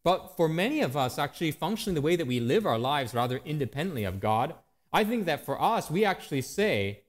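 Animated man preaching a sermon. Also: brisk. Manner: animated preaching, rising and falling in pitch and volume. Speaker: pastor.

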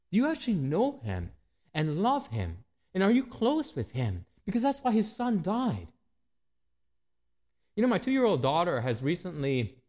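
A man in his thirties preaching a sermon to his church, animated and rising and falling in pitch and volume. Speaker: pastor.

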